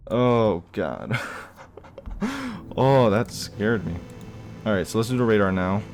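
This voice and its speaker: A man's voice: on the low side, takes it slowly, pauses often, darkish tone, a little hiss or hum. A young man giving casual let's-play commentary on a horror game, reacting aloud with gasps and plenty of fillers. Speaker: gaming YouTuber.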